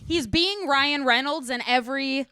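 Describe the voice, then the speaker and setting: A woman's voice: sits high, normal speed, pushed and bright, no room sound, studio quality. A woman co-hosting a podcast, chatting casually with lots of filler words. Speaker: podcast co-host. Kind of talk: casual chat.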